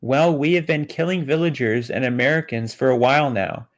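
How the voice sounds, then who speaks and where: A man reading the lines of a frightened, panicking man in a flat read-aloud voice with no accent. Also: mid-range voice, brisk, natural voice. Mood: distraught.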